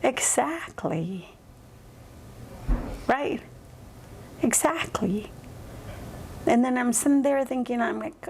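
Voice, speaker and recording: A woman's voice: a little high, lively intonation, slow, pauses often, darkish tone, slightly rough. A woman guest on a podcast telling a personal story in a reflective, rambling way, often checking in with "right?". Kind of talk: casual interview storytelling.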